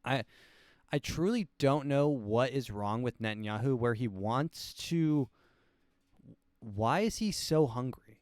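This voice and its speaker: Smooth-voiced young man rambling on. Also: mid-range voice, takes it slowly, dry recording, clean studio sound. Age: 20s. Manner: rambling, hesitant, deadpan jokes. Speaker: podcast host. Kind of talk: casual solo commentary.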